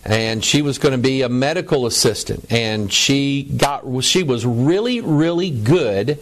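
A man's voice: medium pitch, animated, measured pace. A middle-aged man preaching a lecture to a broadcast audience, stressing words by drawing them out and often repeating himself. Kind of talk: preaching lecture over images.

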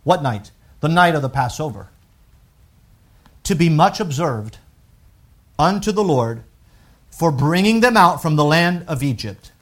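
Male pastor, sermon delivery, fairly high voice, emphatic with loud climaxes. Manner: emphatic, rising to loud peaks when quoting scripture and critics.

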